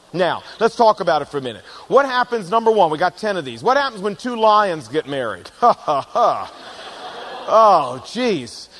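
Man, high-pitched, humorous seminar speaker, animated storyteller. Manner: animated storyteller who acts out quoted voices. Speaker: speaker on personality types in marriage.

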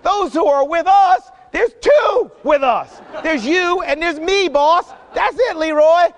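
A man voicing a panicky young male servant who shouts in disbelief, in a preached retelling. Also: animated, slow, some chatter behind, full character voice. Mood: incredulous. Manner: shouting, squealing high. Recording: long hall reverb.

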